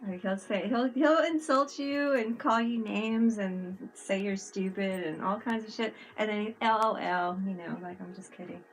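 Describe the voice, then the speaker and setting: A woman chatting casually on a livestream, telling animated stories, laughing often and swearing freely. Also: medium pitch, moderate pace, few pauses, slight background noise. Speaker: livestream co-host. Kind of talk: casual chat.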